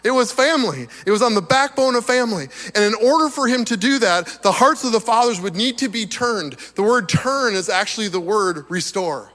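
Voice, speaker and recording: High-voiced, slightly hoarse male preacher. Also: brisk, few pauses. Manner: animated, chuckles between points. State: slightly hoarse, losing his voice. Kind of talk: sermon. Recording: long reverb of a large hall.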